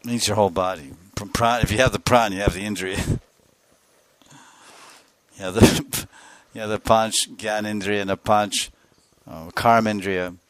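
A man giving a devotional sermon as a spiritual teacher, telling a sacred story with soft laughs and acting out the voices of its figures. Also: lowish voice, steady tone, measured pace. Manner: laughs softly between phrases.

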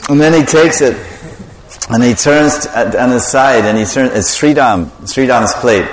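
A man's voice: medium pitch, moderate pace. A man preaching a sermon, animatedly telling a devotional story and quizzing the audience. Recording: echoey hall with long reverb.

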